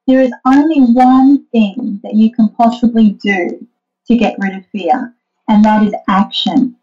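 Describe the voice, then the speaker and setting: A woman's voice: mid-range voice, measured pace, warm tone. Encouraging woman guest over a dull line. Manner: earnest, encouraging, acts out quoted thoughts. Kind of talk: interview conversation.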